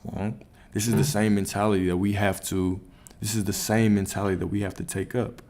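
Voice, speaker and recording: Deep-voiced man giving spiritual coaching. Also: flat delivery, fairly quick, darkish tone. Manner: repetitive, emphatic, frequent "right?" tags. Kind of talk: motivational livestream talk.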